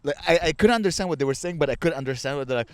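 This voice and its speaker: Animated young man telling a comic story. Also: rapid-fire, no room sound. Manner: animated, acts out quoted people with high voices. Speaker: podcast co-host. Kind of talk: casual comedic storytelling.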